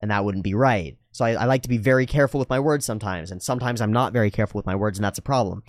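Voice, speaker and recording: A man's voice: lowish voice, very fast, dry recording. Earnest, rambling man, close and dry. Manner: earnest, rambling, self-correcting. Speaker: channel host. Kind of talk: casual reflective monologue.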